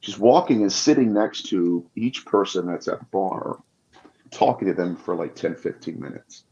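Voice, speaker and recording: A man's voice: low-pitched, moderate pace, warm tone. A man guest on a podcast interview, telling his experiences with passion. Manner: passionate storytelling. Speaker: guest demonologist. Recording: dull lo-fi audio.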